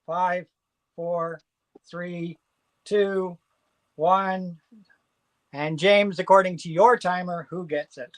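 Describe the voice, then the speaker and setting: A man hosting a live auction from home, chatting casually and excitedly and rattling off long lists. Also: high-pitched, takes it slowly, pauses often. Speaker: host selling records at a live auction.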